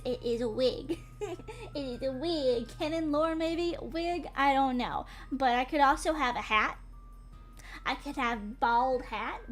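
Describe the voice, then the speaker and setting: A young woman from North Carolina, a streamer chatting casually to her viewers in a bubbly, rambling way and often breaking into giggles. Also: high-pitched.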